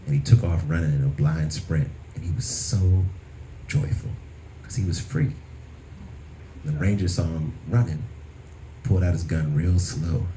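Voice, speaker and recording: A man performing stand-up comedy live on a club stage, telling a story and jumping into high voices for the characters. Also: a little hiss or hum. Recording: echoey club with loud crowd laughter. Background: audience laughing.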